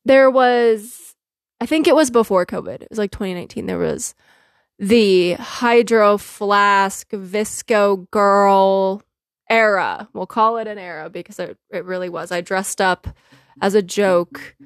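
A woman hosting a podcast, telling a funny story in a casual, animated way and often laughing. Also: mid-range voice, a little slow, no echo, clean studio sound. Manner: animated, laughing often, quotes herself and others. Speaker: podcast host.

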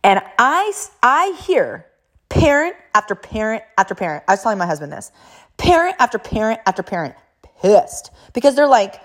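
A woman's voice: a little high, big pitch swings, normal speed. Emphatic middle-aged mother telling a story. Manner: emphatic, repetitive. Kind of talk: personal storytelling.

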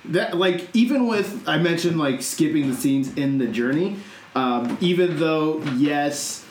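A man's voice: on the high side, lively intonation, unhurried. A man co-hosting a casual gaming chat, rambling with lots of fillers. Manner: rambling, with many fillers such as like and uh. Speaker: podcast co-host. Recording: echoey room, faint noise.

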